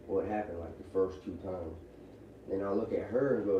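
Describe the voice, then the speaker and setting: A man's voice: deep voice, fairly even intonation, fast talker. A man in his thirties on parole, talking casually and loosely about his family, full of filler words. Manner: loose, rambling with many likes. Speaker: former inmate on parole. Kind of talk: casual candid chat. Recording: muffled echoey room audio from a distance, faint hiss.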